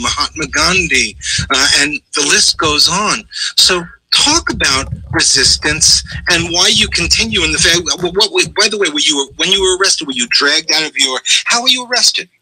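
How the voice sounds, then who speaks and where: A man hosting a radio interview, speaking haltingly with many filler sounds as he sets up a question. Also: on the high side, sharp tone, husky, poor audio. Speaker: radio show host.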